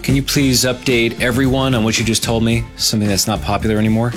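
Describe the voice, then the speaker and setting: A man's voice: medium pitch, flat delivery, fast talker, faint music behind. A middle-aged man hosting a radio show, chatting casually with a playful, teasing, curious manner.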